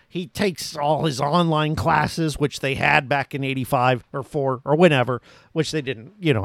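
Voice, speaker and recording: Animated, high-voiced man reviewing a movie. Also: vocal fry, no room sound, clean studio sound. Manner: animated, rambling, self-mocking. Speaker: podcast host. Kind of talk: casual solo movie review.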